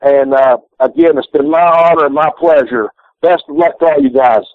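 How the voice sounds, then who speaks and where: A man's voice: fairly high pitch, moderate pace, dry recording. Southern man swearing on a phone line. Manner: profane, rambling, joking. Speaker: guest wrestler. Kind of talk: phone-in interview. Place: his living room.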